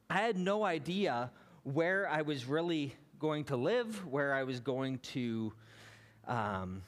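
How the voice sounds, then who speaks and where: Man telling a sermon story. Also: fairly high pitch. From Canada. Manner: conversational, anecdotal, building to a lesson. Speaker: pastor.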